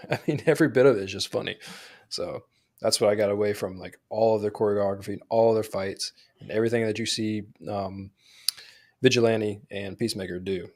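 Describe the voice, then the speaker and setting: A man's voice: on the low side, fairly even intonation, fairly quick. A man co-hosting a podcast in casual chat, amused and acting out quotes as he retells scenes. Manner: amused storyteller, acts out quotes. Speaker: podcast co-host.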